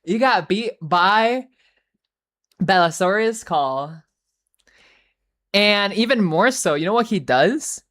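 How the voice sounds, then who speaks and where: A woman's voice: medium pitch, lively intonation, slow pace, pauses often, a bit bright. A woman streaming live, chatting casually in a rambling, filler-heavy, profane way while greeting viewers. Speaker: livestreamer. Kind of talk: casual chat.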